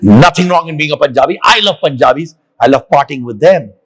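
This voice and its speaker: Chatty man hosting, high voice. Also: lively intonation, a little fast, breathy edge. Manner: chatty, asks open questions. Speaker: interview host. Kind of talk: conversational interview.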